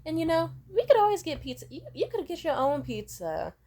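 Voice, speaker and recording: A woman voicing a caring young female friend giving soft, reasoned advice. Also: sits high, sing-song, fairly quick, voice pushed up. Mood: gently persuasive.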